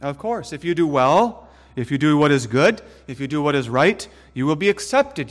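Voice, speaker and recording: A man's voice: on the high side, very animated, long reverb tail. Emphatic, dramatic male preacher. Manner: emphatic, dramatic, swings between slow stresses and quick asides. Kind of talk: sermon.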